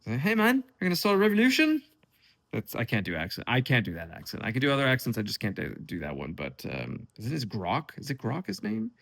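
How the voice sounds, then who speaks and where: A man's voice: on the low side, sing-song, quick pace, gravelly, few pauses, fairly bright tone. A young man rambling unscripted in a casual vlog, frustrated, swearing now and then, often restarting his sentences. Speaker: vlogger.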